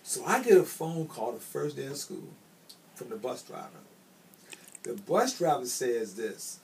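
A man's voice: fairly high pitch, very animated, unhurried, darkish tone. Emphatic storyteller, a man from Chicago. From Chicago, United States. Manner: emphatic storyteller who repeats key phrases. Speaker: school administrator. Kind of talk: recounting personal career stories. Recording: slightly distant mic with faint ambient noise.

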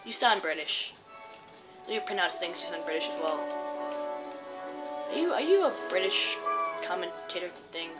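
This young woman's lowish voice is sing-song, at normal speed with frequent pauses, as she plays a video game for her YouTube channel. Game music runs behind her rambling, easily surprised commentary.

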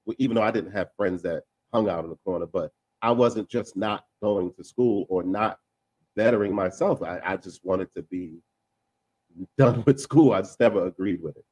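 A man in a casual panel discussion. He talks in an animated way, repeats himself, trails off into filler sounds and laughs as he talks. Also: low voice, moderate pace, no echo. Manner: laughs while talking.

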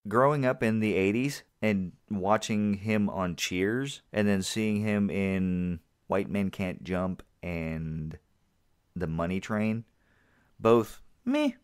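Brief: low-voiced male co-host, relaxed rambling movie review talk. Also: takes it slowly, smooth. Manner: rambling, laughs at his own jokes. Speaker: podcast co-host. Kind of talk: casual movie review chat.

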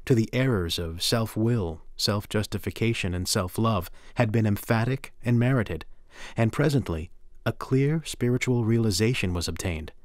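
Documentary reader, man, low voice, earnest and measured, dry sound. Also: a little mellow, no room sound. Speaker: voice actor reading a memoir. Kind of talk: documentary narration, first-person reading.

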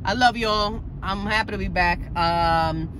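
A young man vlogging casually about a toy hunt, excitable and profane, telling animated stories. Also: sits high, unhurried, noisy background. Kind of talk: casual vlog chat.

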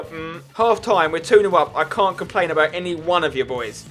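A young man commentating his own football management game, excitable and yelling at his players. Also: a little high, moderate pace, hardly any pauses, faint music behind. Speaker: gaming YouTuber.

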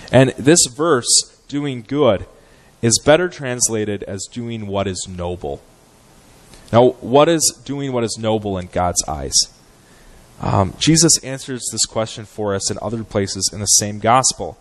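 A man with a fairly low voice preaches a sermon. His delivery is earnest and measured, and he often pauses on fillers as he works through scripture. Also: animated, low-quality recording. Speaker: guest preacher. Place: church sanctuary.

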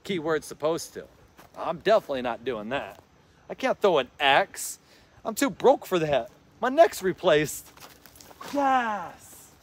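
A man vlogging outdoors while he plays fetch with his dog. He gives casual, rambling advice to his viewers and calls out to the dog in an excited, encouraging voice. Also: on the high side, moderate pace. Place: outdoors, in a yard.

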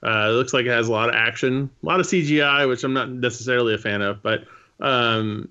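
A man's voice: medium pitch, quick pace, sharp tone, highs cut off. A man co-hosting a casual podcast chat, easygoing and a little hesitant as he talks. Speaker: podcast co-host.

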